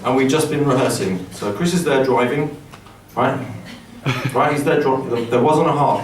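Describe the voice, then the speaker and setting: A man telling a rambling story casually, animated and laughing through his lines, swearing freely. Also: mid-range voice, moderate pace, echoey room, recorded from a distance, slight background noise. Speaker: storyteller and singer. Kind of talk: casual spoken storytelling with guitar.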